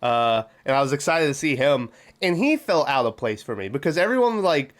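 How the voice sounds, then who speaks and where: A man's voice: mid-range voice, sing-song, a little fast. A man hosting a casual movie review podcast, chatty and laughing often, swearing freely. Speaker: podcast host.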